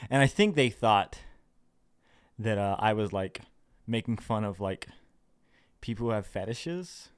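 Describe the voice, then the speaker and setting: Rambling, laughing man in a home office. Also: fairly low pitch. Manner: rambling, laughing, many fillers and restarts. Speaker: video creator. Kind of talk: casual vlog chat.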